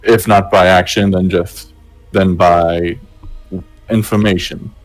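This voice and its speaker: A man speaking in character in a tabletop game, halting and formal. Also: sits low, fairly even intonation, faint music behind. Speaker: player.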